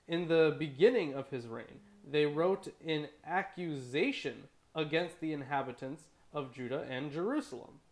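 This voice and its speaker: Wry, irreverent man reading scripture aloud. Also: fairly high pitch. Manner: wry, irreverent, swears, stumbles over names. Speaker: podcast co-host reading scripture. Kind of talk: casual discussion and reading aloud.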